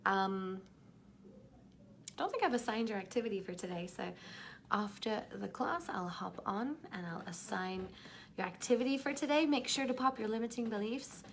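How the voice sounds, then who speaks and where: Woman, teacher on a live online class, smoke-roughened gravelly voice, soft half-whispered meditation guidance, mid-pitched, faint hiss behind. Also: animated, normal speed. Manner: affectionate, calls listeners darlings. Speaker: workshop teacher.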